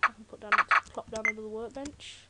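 With a voice a little high and fairly even in intonation, this chatty British teen girl moves fairly quickly through casual game commentary for a Let's Play. She's jokey and full of rambling asides, and loud keyboard clicks and typing run behind her.

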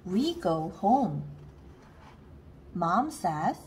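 Slow, expressive woman reading a storybook. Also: medium pitch, slight background noise. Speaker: storybook reader. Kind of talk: children's book read-aloud.

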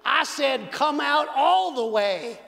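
A pastor voicing a blunt cowboy with an American country accent, loudly commanding in prayer. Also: male voice, very high voice, lively intonation, slow pace, vocal fry, pitched above the performer's own voice, heavily acted. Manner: loud, commanding. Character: praying cowboy man, bold and blunt. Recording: long hall reverb.

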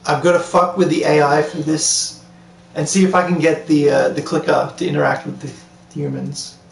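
A man's voice: fairly high pitch, flat delivery, normal speed, vocal fry, distant mic. A man streaming a video game, chatting casually and joking around with silly impressions. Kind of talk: casual gameplay commentary. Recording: roomy room with faint background noise.

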